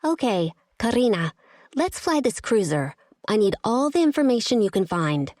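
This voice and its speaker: A determined alien woman speaks in short, commanding bursts, put on by a woman reading an audiobook. Her voice sits noticeably higher than the reader's low natural tone. It is recorded dry and close, with no room sound. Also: sing-song, a little slow, darkish tone, no room sound. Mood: firm.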